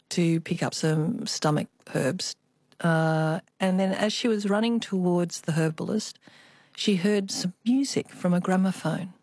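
A woman's voice: fairly low pitch, darkish tone, no room sound, clean studio sound. An older woman, an artist, telling family stories as a guest in a radio interview. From Australia. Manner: reflective storytelling, with small restarts.

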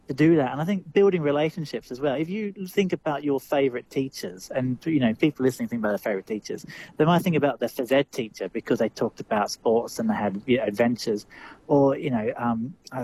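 A man's voice: medium pitch, a little mellow, slight background noise. A man with an Australian accent, a drama teacher answering interview questions thoughtfully, with lots of fillers and restarts.

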